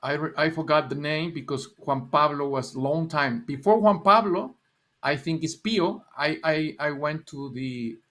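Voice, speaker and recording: A man's voice: a little high, a little slow, a bit bright. A man in his sixties from Mexico, Spanish-accented, rambling through stories in a casual livestream chat with frequent laughs and repeated words. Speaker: livestream guest.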